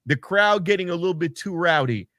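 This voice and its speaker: A fairly high-voiced man riffs on wrestling in a loose, profane co-host chat. He talks animatedly and breaks into mocking voices, recorded close and dry with no room sound. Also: expressive, brisk, fairly bright tone, dry recording. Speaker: podcast co-host. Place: home setup, streaming remotely.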